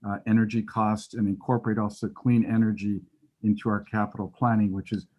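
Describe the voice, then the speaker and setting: A man's voice: lowish voice, little pitch movement, brisk, darkish tone, muffled recording. A man giving a facilities presentation to a committee over a remote call, explaining steadily with some fillers. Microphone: remote call audio.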